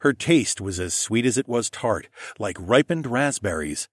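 A man narrating a first-person fantasy romance audiobook in an expressive storytelling manner. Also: lowish voice, measured pace, no room sound, studio quality.

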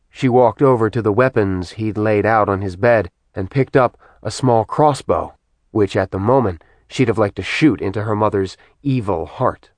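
A man reading a fantasy audiobook as narrator, in a steady storytelling manner. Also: lowish voice, dry recording.

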